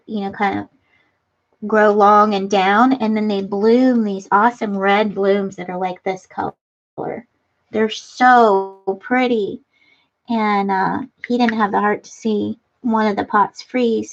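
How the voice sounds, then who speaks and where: A middle-aged woman with a medium-pitched, creaky voice hosts a casual craft livestream from her front room. She chats and giggles with viewers while reading their comments aloud. The audio is dull, picked up by a computer webcam mic.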